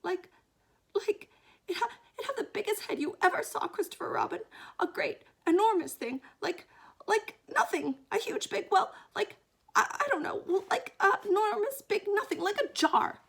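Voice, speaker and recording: A woman's voice: very high voice, fairly even intonation, slow pace, gravelly, long pauses, a little mellow, pitched above the performer's own voice, heavily acted. A woman voicing a tiny, timid male piglet who squeals and stammers, out of breath. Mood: breathless.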